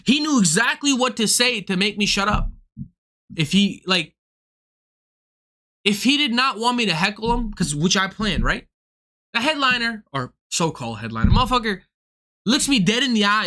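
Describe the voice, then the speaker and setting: A man's voice: high-pitched, normal speed. A young man streaming, telling a story in a casual, profane, incredulous way and acting out both sides. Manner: animated, profane, incredulous retelling. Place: home streaming setup.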